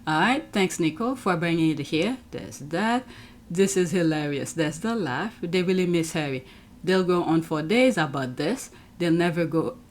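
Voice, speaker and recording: A woman's voice: low voice, a little hiss or hum. A woman running her own online channel, chatting casually as she works through clips on screen, with frequent exclamations. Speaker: YouTube commentator. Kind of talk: casual reaction commentary.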